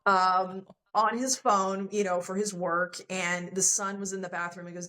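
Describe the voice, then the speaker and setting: A woman's voice: mid-range voice, level tone, moderate pace, few pauses, sharp tone. A woman sharing a personal love story as a podcast guest, candid and emotional, often quoting what others said to her.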